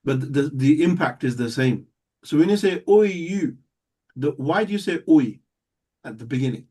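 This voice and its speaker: A man's voice: a little high, animated, moderate pace, dark tone, slightly rough. A man teaching a live Arabic class, explaining step by step and checking that students follow. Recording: voice somewhat distant from the mic.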